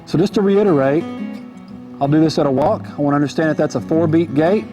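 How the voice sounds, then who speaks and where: A horse trainer with a voice on the high side talks quickly while giving an easygoing, folksy riding lesson from horseback in an arena. He repeats his key points throughout this instructional demonstration, and music plays behind him.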